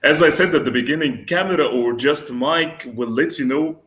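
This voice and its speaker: A man hosting an interview show, speaking earnestly and encouragingly, with halting phrasing. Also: fairly high pitch, a bit bright. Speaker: host. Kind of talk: casual interview talk. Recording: roomy echo.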